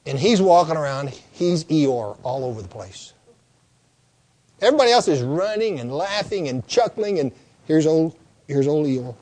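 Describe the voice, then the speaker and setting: Folksy older male preacher, slightly high voice. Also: big pitch swings, darkish tone. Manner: folksy storytelling, slow emphatic lists and repetitions. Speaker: pastor. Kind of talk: sermon.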